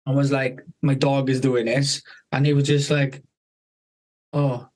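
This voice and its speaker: A man, hosting a podcast, who tells a rambling, animated story, swearing constantly and laughing partway through. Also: medium pitch, moderate pace, poor audio. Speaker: podcast host. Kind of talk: casual storytelling chat.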